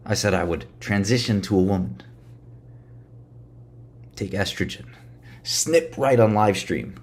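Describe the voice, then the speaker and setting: A man's voice: lowish voice, takes it slowly, long pauses, a little mellow, slightly rough. A man ranting sarcastically on a livestream, swearing and mocking his audience. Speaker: streamer.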